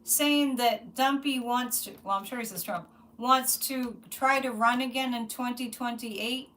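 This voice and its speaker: Woman, high voice, psychic livestream host, rambling casual chat, mic a bit far off. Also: measured pace. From United States. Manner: animated, chatty, rambling with restarts.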